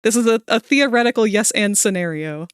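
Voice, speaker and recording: A soft-spoken woman streaming from home, chatting casually with viewers into a desk microphone. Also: medium pitch, animated, a little fast, clear, resonant tone, no room sound, studio quality. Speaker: livestreamer.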